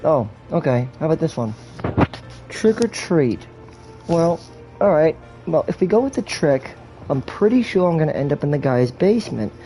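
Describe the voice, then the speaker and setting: A man's voice: fairly high pitch, expressive, fairly quick, music in the background. A man giving a joking, rambling walkthrough commentary on a video game, full of crude jokes and swearing.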